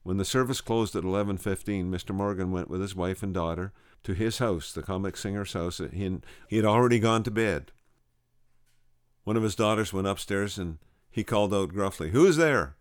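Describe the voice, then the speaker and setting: A man's voice: fairly even intonation, moderate pace, clear, resonant tone, no echo, studio quality. A man retelling a revival story, stumbling and repeating words now and then. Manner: voices quoted speakers with raised pitch.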